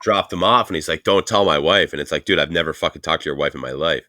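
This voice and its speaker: A man with a deep, low voice co-hosts a podcast in loose casual chat. He rambles through stories, swears freely and laughs along the way. His voice sounds dry and close, with no room around it. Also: fast, bright, forceful tone, dry recording. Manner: rambling profane storytelling, laughing often. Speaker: podcast co-host.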